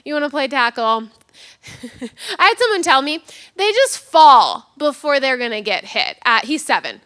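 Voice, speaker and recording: A woman's voice: sits high, moderate pace. A woman pastor in her thirties preaching a sermon, telling a funny personal story and acting out the lines of the people in it. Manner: animated storytelling with acted-out quotes, self-mocking humor.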